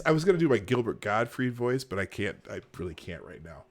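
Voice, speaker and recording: A man's voice: mid-range voice, sing-song, fairly quick. A man hosting a live political talk show, reading headlines and tweets aloud with sarcastic asides and laughter. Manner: sarcastic, laughing, jumps between mumbling and loud mock outrage. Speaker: podcast host. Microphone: camera and desk mic, live stream.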